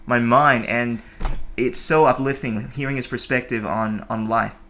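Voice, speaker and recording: A man's voice: mid-range voice, steady tone, unhurried, pushed and bright. A man hosting a podcast, talking in a casual, enthusiastic and emphatic way. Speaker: podcast host. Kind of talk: casual conversation.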